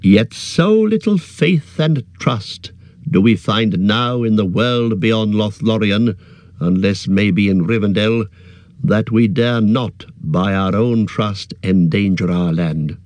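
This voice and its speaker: A man's voice: on the low side, animated, darkish tone, no room sound. A man reading aloud and voicing a stern, noble male elf guard leader who speaks formally and evenly. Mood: solemn. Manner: formal, measured.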